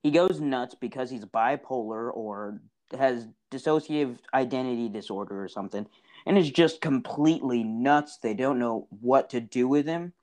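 A man's voice: medium pitch, moderate pace, a little mellow. A man co-hosting a casual podcast, rambling through a story and acting out lines. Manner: rambling, acts out characters mid-story. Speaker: podcast co-host. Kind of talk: casual chat.

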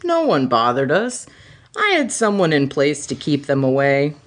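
A woman's voice: deep voice, huge pitch swings, moderate pace. A woman reading as a smug space smuggler. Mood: teasing. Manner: smirking, teasing, read aloud half-seriously. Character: cocky smirking male space smuggler. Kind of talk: comic fan fiction read-aloud.

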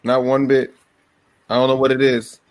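A man's voice: mid-range voice, level tone, moderate pace, dry recording. Laid-back man with dry asides. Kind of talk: casual sports talk.

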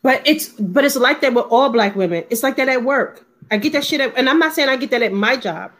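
A woman's voice: sits high, lively intonation, brisk, fairly bright tone. A woman talking bluntly and emphatically in a casual panel discussion, swearing freely and mimicking others' lines.

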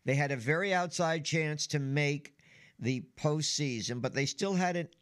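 A man's voice: a little high, normal speed. Casual male sports show host.

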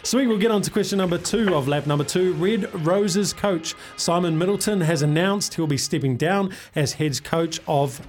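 A man's voice: high voice, normal speed, hardly any pauses, soft background music. A man hosting a radio sports quiz, upbeat and matey with plenty of slang. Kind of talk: casual radio banter. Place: radio studio.

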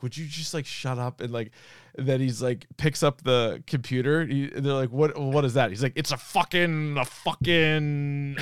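A man co-hosting a comedy podcast in an easygoing, loose way, slipping into quick impressions as he retells scenes. His voice is smooth and resonant, recorded close and dry with no room sound around it. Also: mid-range voice, no room sound. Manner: animated, acts out quoted lines. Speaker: podcast co-host. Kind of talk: casual comedy podcast chat.

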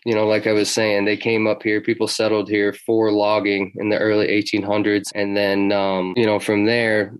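Low flat-voiced man. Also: moderate pace, few pauses, clear, resonant tone, rough recording. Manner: rambling, many fillers and restarts. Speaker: hunting guest. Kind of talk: casual interview chat.

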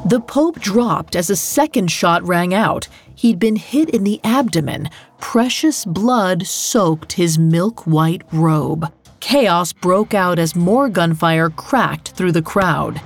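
A woman hosting a podcast, giving scripted true crime narration in a measured, dramatic way. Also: fairly low pitch, expressive, slightly rough, faint music behind. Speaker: podcast host.

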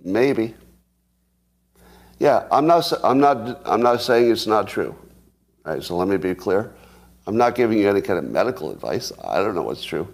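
A man with a fairly low voice talks through the day's headlines on his own. He is sarcastic, swings into mock outrage and chuckles at his own points. He thinks aloud, often breaking off and restarting his sentences. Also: big pitch swings, moderate pace, pauses often. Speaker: commentary host. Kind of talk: solo news commentary.

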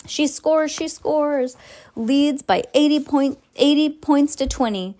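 Woman doing a hyped up boy commentator, loud and cheery. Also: mid-range voice, moderate pace, close to an everyday voice. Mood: excited. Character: excited male Quidditch match commentator.

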